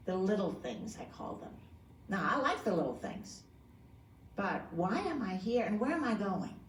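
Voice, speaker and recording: A woman's voice: mid-range voice, slight background noise. A woman yoga teacher giving a conversational talk to a group, often asking them questions. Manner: conversational, asks the audience questions. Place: community room. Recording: echoey room from a distant mic.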